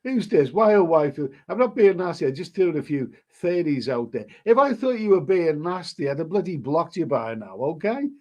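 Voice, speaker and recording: A man's voice: a little high, big pitch swings, normal speed, hardly any pauses, a little mellow, highs cut off. Blunt, sniffly man chatting with viewers. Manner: blunt and crude, swears freely, stammers and repeats himself. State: sniffling with hay fever. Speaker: YouTube host reading live chat. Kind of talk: casual live-stream chat.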